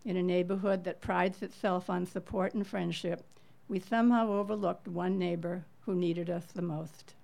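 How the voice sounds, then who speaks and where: Reading a personal true story to an audience, this middle-aged woman sounds measured and earnest and leans into the suspenseful parts. Her voice is lowish and dark, steady in tone, with some vocal fry.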